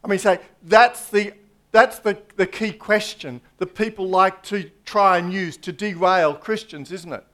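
A man delivers a sermon in a fairly high voice. He takes his time, weighing each phrase with long pauses, and often sinks to a hush at the end of a point. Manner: slow, emphatic preaching with dramatic pauses and drops to a hush. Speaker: preacher.

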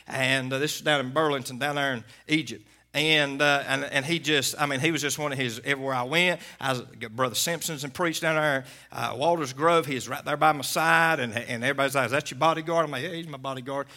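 Male pastor, folksy sermon storytelling, bright higher voice, loud to hushed. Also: normal speed.

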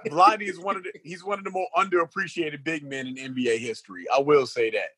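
A man in a casual sports debate, calmly explaining with detail he remembers. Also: on the high side, slightly rough. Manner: measured, explains with recalled detail.

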